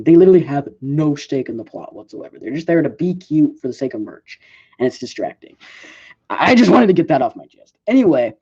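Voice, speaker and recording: A film reviewer rambles through a casual movie review, full of "like" and other fillers, frequently correcting himself. His voice is medium-pitched and mellow, captured on a dull, lo-fi recording.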